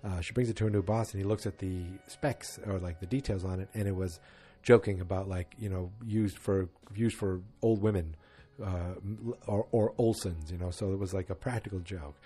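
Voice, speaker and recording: A man's voice: low-pitched, fairly even intonation, moderate pace, mellow, slightly rough. A man giving a casual, rambling recap of an episode, with wry asides.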